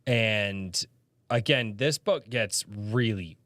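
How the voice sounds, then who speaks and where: A man's voice: fairly low pitch, takes it slowly, fairly bright tone, no room sound. A man hosting a podcast in casual chat, talking with enthusiasm and casual swearing. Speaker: podcast host.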